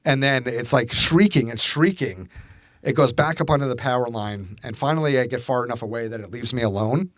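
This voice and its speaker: A man tells a story on a casual podcast, swearing freely and acting out his own alarm. His voice sits at an ordinary pitch. The mic is close and dry. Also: fairly quick, no room sound. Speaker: podcast co-host. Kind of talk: casual chat.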